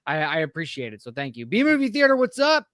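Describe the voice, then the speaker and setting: Upbeat high-voiced man greeting the chat. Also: huge pitch swings, fast talker, a bit bright, dry recording, studio quality. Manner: rambling with frequent fillers and restarts. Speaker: podcast co-host. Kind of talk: casual live-stream chat.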